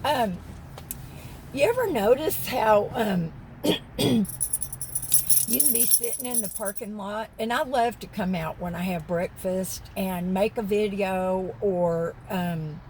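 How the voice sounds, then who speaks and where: A woman vlogger talks casually from her car, parked in a parking lot, and keeps drifting off mid-story. Her medium-pitched voice moves slowly, with noise in the background. She comes across as chatty, wandering and easily sidetracked.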